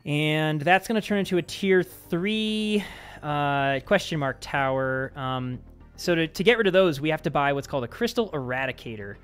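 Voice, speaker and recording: A man's voice: fairly high pitch, moderate pace, fairly bright tone, clean tone, soft background music. A man hosting a casual game session, upbeat and explaining the game mechanics as he plays. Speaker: host and map maker. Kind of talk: casual gameplay chat.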